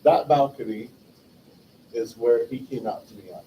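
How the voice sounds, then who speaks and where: A man with a medium-pitched voice and moderate pace hosts a memorial stream, rambling warmly through personal stories of an old friend and animatedly re-enacting their conversations in eulogy. A distant mic catches faint room ambience and slight background noise.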